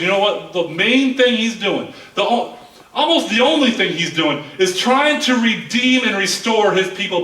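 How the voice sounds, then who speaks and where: An earnest male pastor preaches in a bright, high voice, stumbling and repeating words as he builds his points. He sounds distant in a roomy, echoing church sanctuary. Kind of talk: sermon. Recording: echoey church hall from far off.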